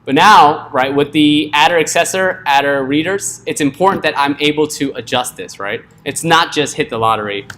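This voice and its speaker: Brief: male coding instructor, slightly high voice, loose and jokey, faint typing behind. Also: normal speed, hardly any pauses, fairly bright tone, slight background noise. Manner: casual, joking, checks in with "right?" often. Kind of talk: live classroom coding lesson.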